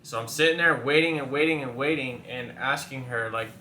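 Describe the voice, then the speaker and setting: A man's voice: medium pitch, brisk, pushed and bright. A man telling a story casually with his wife, playful and laughing, acting out what was said. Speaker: vlogger, husband. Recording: echoey room, faint background noise.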